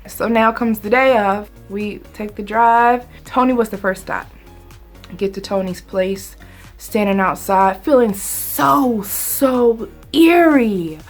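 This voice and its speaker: A woman vlogger telling a dramatic story in a casual, animated, conversational way. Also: medium pitch, measured pace, soft background music.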